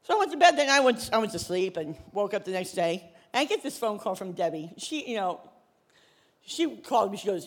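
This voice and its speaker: A woman pastor preaching a sermon, telling a story with lively, casual acted-out dialogue. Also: mid-range voice, brisk. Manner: animated storytelling, acts out biblical characters in casual modern speech.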